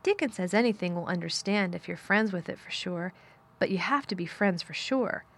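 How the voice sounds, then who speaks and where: A woman's voice: on the low side, normal speed. A blunt, sour-tempered young girl from a storybook who speaks frankly and plainly, as a woman reads her aloud. She talks in a straightforward, unfussy way.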